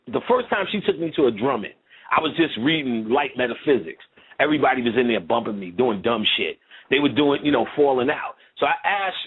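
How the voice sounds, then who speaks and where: A man with a husky, slightly breathy voice talks in loose, profane, rambling storytelling. His pitch swings widely and sits a little high for a man. The sound is thin and tinny, like a phone line. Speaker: lecturer. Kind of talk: casual conversational storytelling.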